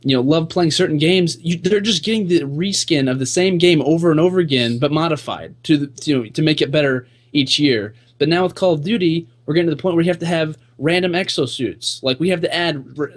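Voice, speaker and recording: Rambling young man with a higher voice. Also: brisk, few pauses. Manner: rambling, heavy use of 'like' and 'you know'. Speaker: panel guest. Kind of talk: casual stream chat.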